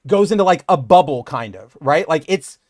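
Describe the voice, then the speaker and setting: A man with a notably high voice co-hosts a casual podcast chat. He rambles in an animated way, often turning to address the viewers directly. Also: normal speed. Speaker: podcast co-host.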